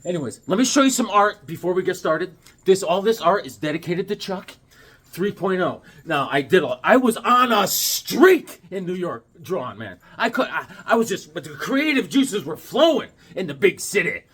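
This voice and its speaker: Middle-aged male vlogger, goofy and jokey, slightly high husky voice. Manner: goofy, joking, animated, acts out quick bits. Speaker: comic collector vlogger. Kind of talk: rambling casual vlog with jokes.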